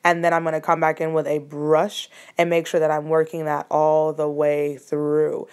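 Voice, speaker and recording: A young woman casually narrating a hair tutorial, chatty and relaxed with frequent ums. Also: deep voice, a little fast, no echo, studio quality.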